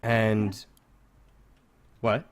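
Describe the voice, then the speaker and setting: A man's voice: on the low side, completely flat delivery, extremely slow, clear, resonant tone. A man narrating a tabletop game as game master, in a casual, filler-heavy manner.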